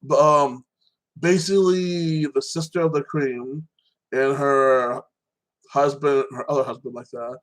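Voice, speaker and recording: A man's voice: medium pitch, fairly even intonation, measured pace, poor audio. A man hosting a casual podcast, recapping TV episodes in a rambling way with many restarts and tag-on phrases. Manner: rambling, frequent restarts, keeps adding "like that". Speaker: podcast host.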